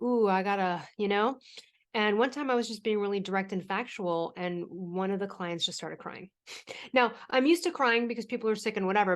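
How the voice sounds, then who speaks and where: A woman author and coach as a podcast guest, chatty and emphatic, swearing freely and asking "you know what I mean". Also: mid-range voice. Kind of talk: casual interview talk.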